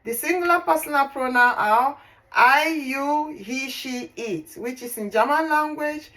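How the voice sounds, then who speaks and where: A woman teaching a language lesson, saying words slowly and repeating them, with fillers and self-corrections. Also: high-pitched, expressive, fairly bright tone, low-quality recording. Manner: slow, deliberate, repeats words for practice. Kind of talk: slow spoken language lesson.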